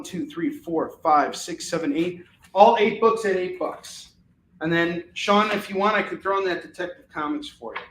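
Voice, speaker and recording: A man's voice: high voice, a bit bright, echoey room, a little hiss or hum, rough recording. A man hosting a live comic book sale from his home, chatting casually and laughing often as he counts off stacks of books. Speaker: host selling comics on a live stream. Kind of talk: casual live sales patter. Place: his home, with kids in the house.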